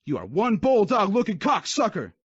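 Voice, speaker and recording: A man's voice: fairly high pitch, big pitch swings, moderate pace, a bit bright, slightly rough, no echo, pitched above the performer's own voice, exaggerated voice. A man voicing a harsh army drill sergeant who barks profane insults and taunts. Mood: bellowing. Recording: dull dry lo-fi recording.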